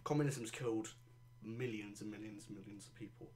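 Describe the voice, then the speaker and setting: A man's voice: fairly low pitch, fairly even intonation, brisk, mellow, slight background noise. Crude sarcastic young man. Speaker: podcast host. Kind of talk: casual chat.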